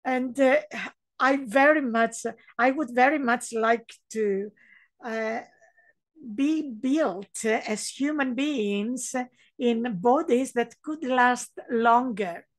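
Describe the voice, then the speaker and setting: A woman from Greece, a researcher and psychotherapist, musing slowly and philosophically as an interview guest. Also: a little high, no room sound. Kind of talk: reflective interview conversation.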